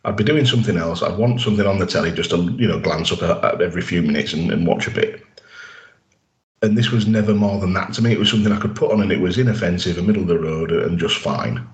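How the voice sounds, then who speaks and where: A low-pitched man chatting on a podcast, rambling through an episode recap with plenty of ums and restarts. His voice carries a noticeable echo from the room around him. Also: fast. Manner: rambling, enthusiastic recaps with many fillers. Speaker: podcast co-host. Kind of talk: casual chat.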